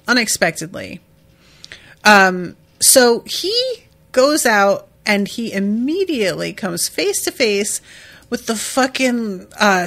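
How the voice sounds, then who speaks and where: A woman podcast host with a mid-range, fairly bright voice recaps an episode. She's casual, emotional and chatty, swearing now and then.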